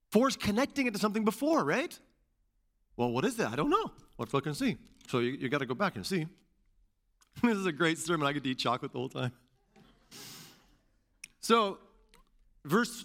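A man preaching a sermon in a slightly raised voice that swings widely in pitch. He keeps it conversational, repeating key phrases for emphasis and slipping in casual asides. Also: fairly bright tone. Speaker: pastor.

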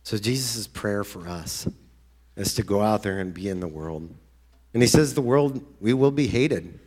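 A man preaching a sermon in an earnest, conversational way, now and then breaking into excited outbursts. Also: fairly low pitch, normal speed.

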